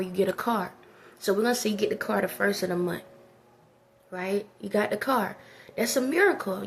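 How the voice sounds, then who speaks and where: A woman's voice: fairly high pitch, creaky, slight background noise. A woman talking casually in a personal vlog, rambling and preachy. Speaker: vlogger.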